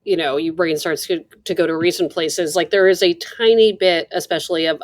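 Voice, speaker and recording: Female co-host, lowish voice, dry close sound, eager casual chat. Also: fairly even intonation, a little fast, few pauses, no echo. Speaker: podcast co-host.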